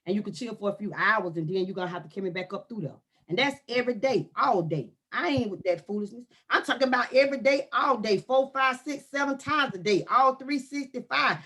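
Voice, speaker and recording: A woman, ranting loudly and comically in casual talk, often shouting. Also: fairly high pitch. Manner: loud animated ranting with frequent shouting. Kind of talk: casual comic rant to camera.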